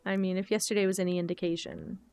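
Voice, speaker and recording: A woman's voice: on the low side, fast, creaky, darkish tone, smooth. A woman streaming a game, chatting casually and emotionally with viewers while she plays.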